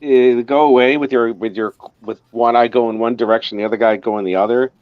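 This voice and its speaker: A man from New York co-hosting a live drawing stream, telling stories in a profane, animated way. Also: medium pitch, a little fast, smooth, dry recording. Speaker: co-host. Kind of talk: casual stream chat. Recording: dull lo-fi stream audio.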